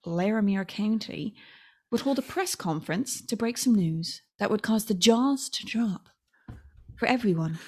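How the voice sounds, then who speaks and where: A woman's voice: mid-range voice, unhurried, breathy edge. A woman with a Californian accent, co-hosting a casual true-crime podcast and telling the story with playful asides. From United States. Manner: animated storytelling with playful impressions. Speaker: podcast co-host.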